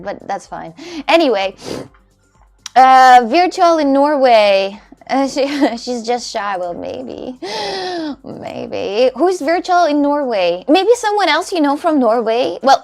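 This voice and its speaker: A woman with a high voice chats casually on a livestream. She rambles from one thought to the next and reads her chat aloud. When she retells a story, she gets animated and jumps to high exclamations.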